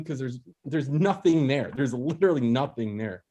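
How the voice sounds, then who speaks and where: A young man performs a loose, rambling comedy bit as host of an online open mic. He keeps mocking himself and breaking into laughter, heard through a video call, his pitch sitting in an ordinary middle range. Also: animated, moderate pace, dark tone. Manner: rambling, self-mocking, frequent laughter and restarts.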